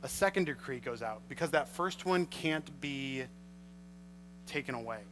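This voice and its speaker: A male pastor preaching a sermon, reading scripture and retelling it with animated storytelling. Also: mid-range voice, moderate pace, background noise. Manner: animated storytelling, acts out scenes.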